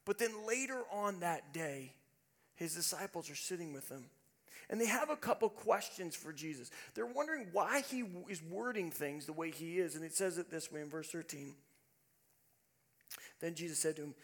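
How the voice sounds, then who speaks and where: A male pastor preaching a sermon, telling a self-deprecating story with animated, humorous delivery. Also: fairly high pitch, normal speed.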